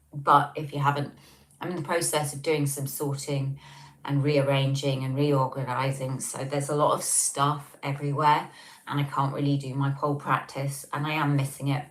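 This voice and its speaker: Low-voiced English woman chatting on a livestream. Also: level tone, normal speed. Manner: chatty, rambling with many ums. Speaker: livestream host. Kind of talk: casual livestream chat. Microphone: tablet on a table.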